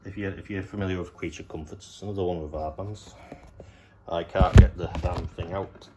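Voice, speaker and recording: Very deep-voiced man rambling. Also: steady tone, brisk, very noisy. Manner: rambling, hesitant, swears casually. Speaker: collector showing his DVDs. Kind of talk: casual unscripted show-and-tell.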